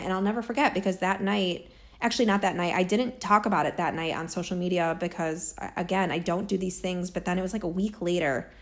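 A woman vlogger telling a personal story in a casual, earnest way, full of fillers and asides. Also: lowish voice. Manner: earnest, chatty, many fillers like "like" and "you know".

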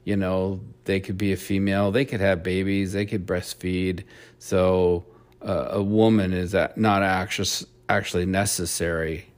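A man's voice: deep voice, flat delivery, a little slow. A man hosting a solo opinion podcast, ranting in a blunt, profane way. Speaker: podcast host.

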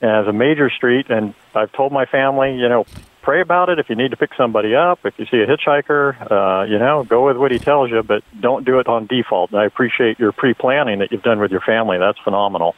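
A man's voice: mid-range voice, quick pace. A middle-aged man calling in to a talk show, telling a story earnestly with many ums and uhs. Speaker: caller. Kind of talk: phone-in story. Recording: tinny phone line.

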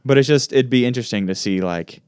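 A young man with a Southern US accent, chatting in a talkative, animated way and acting out movie lines. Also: mid-range voice, smooth, dry recording, clean studio sound. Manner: talkative, animated, quick to act out lines from scenes. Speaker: podcast co-host. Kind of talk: casual chat.

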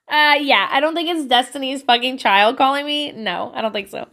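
A woman, a mother, talks straight to her viewers about raising kids. Her voice sits a little high and bright, and she is loose and candid, breaking into laughter and dropping the odd swear word. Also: normal speed, few pauses. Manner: chatty and candid, laughs often, swears casually. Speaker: parent sharing advice. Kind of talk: casual parenting vlog monologue.

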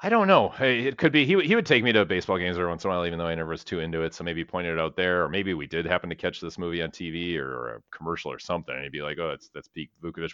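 Casting: low, bright-toned man, rambling podcast co-host, swears, laughs, slightly dull dry mic. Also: no echo. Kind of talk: casual movie podcast chat.

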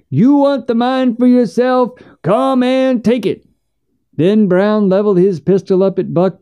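A man narrating a western story in a measured, steady way. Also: on the high side.

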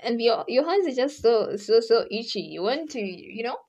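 A woman talks her way through relationship advice in a loose, chatty podcast monologue, and she slips into little acted-out voices as she goes. Her voice is mellow and a bit husky, with a soft, dark tone. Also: fairly high pitch, sing-song, moderate pace, lo-fi sound. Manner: chatty, acts out quoted voices, laughs often. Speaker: podcast host.

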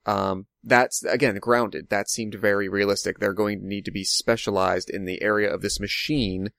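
A man's voice: fairly low pitch, level tone, normal speed, creaky, a bit bright, no room sound, studio quality. A man discussing a movie in casual chat, rambling and thinking aloud with lots of fillers.

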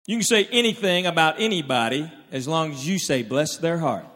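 Speaking fairly quickly in a voice on the high side, a stand-up comedian tells animated stories and acts out his relatives' lines. The set takes place live in a large, reverberant hall with faint room noise.

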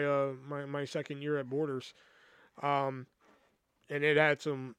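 A man's voice: mid-range voice, a bit bright, clean tone, no room sound, clean studio sound. A man hosting a podcast, telling a personal story in a rambling, casual way, swearing often and using many fillers. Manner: rambling, profane, lots of fillers. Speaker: podcast host.

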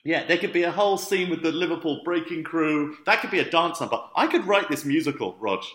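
A man's voice: fairly high pitch, animated, fairly quick, fairly bright tone, reverberant. A man co-hosting a podcast, teasing his partner in playful, casual banter. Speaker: podcast co-host. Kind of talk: casual chat.

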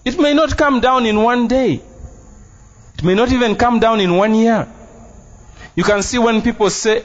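High-voiced pastor preaching. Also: male voice, normal speed, long pauses. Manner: emphatic and playful, mixing in Luganda phrases. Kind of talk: sermon. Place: church. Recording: dull, muffled sound.

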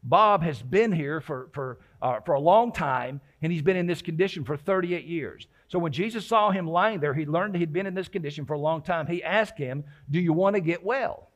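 A man's voice: on the high side, normal speed, few pauses, dull audio. A male pastor preaching a sermon in a conversational style, often restarting his sentences and acting out the quotes he tells.

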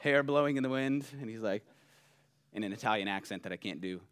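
A pastor preaching a sermon in a conversational, animated way, often checking in with the listeners. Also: male voice, lowish voice, fairly quick. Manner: conversational, animated, keeps asking "right?".

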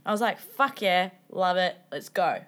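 A woman's voice: lowish voice, moderate pace. A woman, co-hosting a podcast and telling stories with lots of swearing and acted-out quotes. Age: 20s. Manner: animated storyteller, swears a lot, acts out quotes. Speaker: podcast co-host. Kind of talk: casual chat.

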